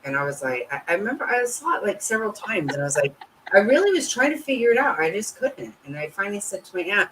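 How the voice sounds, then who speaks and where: A woman's voice: fast talker, slight background noise, low-quality recording. A woman hosting a casual livestream, talking bluntly and swearing constantly, with her voice swinging up and down. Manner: blunt and heavily profane; animated, swinging pitch. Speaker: host.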